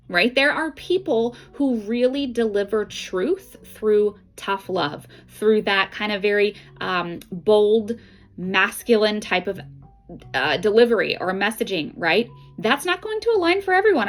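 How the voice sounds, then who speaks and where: A woman's voice: medium pitch, rough recording. Earnest woman giving spiritual guidance. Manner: earnest, conversational, frequent "right?" and "okay?". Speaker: intuitive card reader. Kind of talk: casual spiritual guidance talk.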